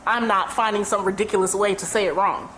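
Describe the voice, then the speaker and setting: A woman from New York on a casual podcast, a blunt and animated storyteller who swears freely. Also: mid-range voice, quick pace, slight background noise, poor audio. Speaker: podcast co-host.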